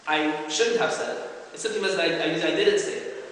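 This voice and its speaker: Man lecturing in a booming echoey hall. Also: normal speed, a bit bright, recorded from a distance. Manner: earnest, explanatory, often asks "right?". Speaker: religious lecturer. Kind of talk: evening religious lecture to a congregation. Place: large hall at an Islamic center. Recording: very echoey hall with long reverb.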